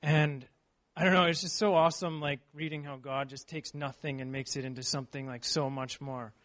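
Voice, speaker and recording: A man preaching a sermon, reading scripture and then telling a personal story in an earnest, animated way. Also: on the high side.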